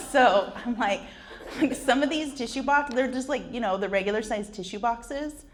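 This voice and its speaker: Forties woman doing wry comedy stories on stage, kinda high voice, faint room hum behind. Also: normal speed. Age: 40s. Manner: wry, self-deprecating, laughs at her own jokes. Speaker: conference speaker. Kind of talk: comedic personal storytelling. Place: conference stage.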